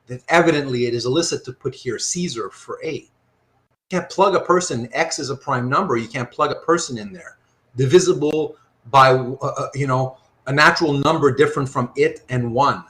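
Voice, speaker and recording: A man teaching a live online philosophy class, working through examples out loud and often checking that his students follow. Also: a little high. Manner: animated, thinks aloud with frequent rhetorical checks. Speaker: philosophy lecturer.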